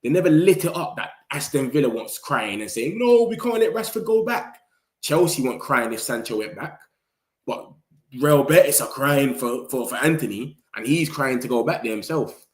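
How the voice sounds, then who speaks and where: With a mid-range voice at a moderate pace, a young channel host riffs on football transfers during a loose live chat in an echoey room. Slang, banter and frequent laughter run throughout.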